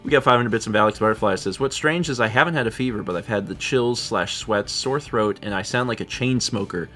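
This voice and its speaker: A man's voice: on the low side, fairly quick, sharp tone. Laid-back man chatting on a stream. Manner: laid-back, chuckles often. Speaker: co-host of a live stream. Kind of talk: casual chat, reading viewer messages.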